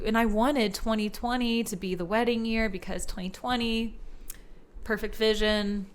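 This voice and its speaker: Woman, podcast guest, slightly high voice, animated storyteller, casual chat. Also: normal speed, clean tone. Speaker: guest, bride and wedding photographer.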